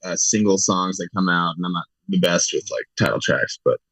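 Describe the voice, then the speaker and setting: A young man with a somewhat low voice talks as a guest on a morning radio show. He hesitates and fills the gaps with "like" and "um". The sound is dry and close. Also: a little fast, fairly bright tone, dry recording, low-quality recording. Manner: hesitant, filler-heavy with "like" and "um". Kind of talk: casual radio chat.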